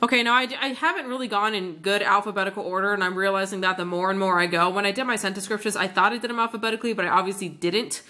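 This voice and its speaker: A woman's voice: medium pitch, steady tone, racing, hardly any pauses, pushed and bright. Chatty woman rambling through a haul. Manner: chatty, rambling, enthusiastic, lots of fillers. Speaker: vlogger reviewing wax melts. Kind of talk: casual haul vlog.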